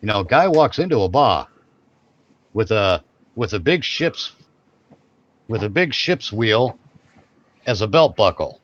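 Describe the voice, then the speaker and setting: A man with a lowish voice talks loosely in a casual podcast chat, circling back over his words and restarting phrases. The recording sounds dull and lo-fi. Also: sing-song, measured pace, pauses often. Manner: rambling, repeats and restarts phrases. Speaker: podcast co-host.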